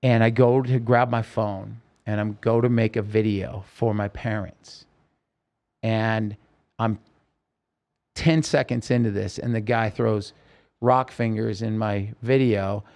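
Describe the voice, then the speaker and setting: A man's voice: on the low side, fairly even intonation, a little slow, a little mellow. A man telling his own story in an interview, in an urgent, vivid way, acting out what people said, with frequent restarts. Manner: vivid, urgent retelling with quoted speech and restarts. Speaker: podcast host telling his story as a guest.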